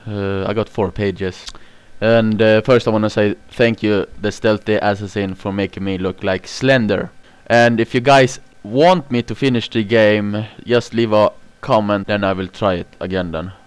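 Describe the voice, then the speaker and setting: A gaming YouTuber with a lowish, smooth voice speaks at a moderate pace with few pauses and fairly even intonation, and there is no room sound. He records a horror let's play on a cheap mic with a face cam, using simple non-native English and panicking with screams and swearing when scared.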